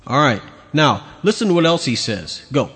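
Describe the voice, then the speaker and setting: A man's voice: medium pitch, big pitch swings, normal speed, fairly bright tone, husky. A man hosting a podcast, ranting angrily and crudely as he comments on video clips. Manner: angry, profane, mocking. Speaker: podcast host. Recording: long hall reverb.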